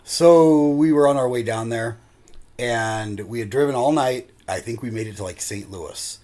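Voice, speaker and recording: A man with a mid-range voice hosts a casual podcast at normal speed. He's a podcast host who tells stories animatedly and swears freely.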